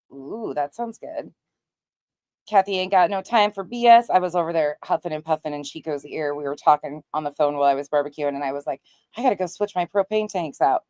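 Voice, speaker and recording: Chatty woman host, low dry voice. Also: a little mellow, dry recording. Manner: chatty, greets viewers by name; blunt, swears casually. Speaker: livestream host. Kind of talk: casual livestream chat.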